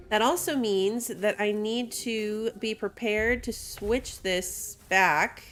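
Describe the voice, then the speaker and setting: A woman's voice: mid-range voice, a bit bright. A woman streamer casually talking through a city-building game and chatting with her viewers, laughing often. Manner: chatty, reads chat aloud, laughs often. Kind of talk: casual gameplay commentary.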